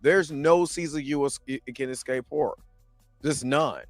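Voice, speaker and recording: A man's voice: mid-range voice, a little slow, no echo, soft background music. An American man co-hosting a casual podcast, joking and laughing a lot as he banters. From United States. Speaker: podcast co-host.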